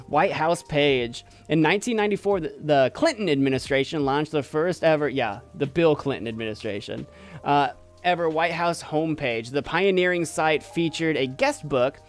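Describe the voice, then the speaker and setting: A man streaming, reading text aloud off the screen and breaking off for wry, amused asides. His voice is fairly high for a man. Faint music plays underneath.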